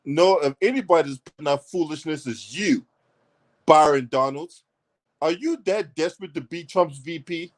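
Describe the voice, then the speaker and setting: A male commentator with a somewhat raised pitch rants about politics. He is profane and sarcastic, jabbing at his targets with a heated edge. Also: expressive, moderate pace.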